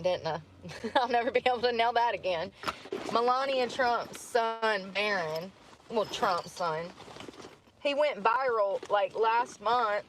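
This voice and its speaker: A woman's voice: mid-range voice, slight background noise. A woman vlogging casually, rambling through asides and laughing often. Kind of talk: casual chat to camera.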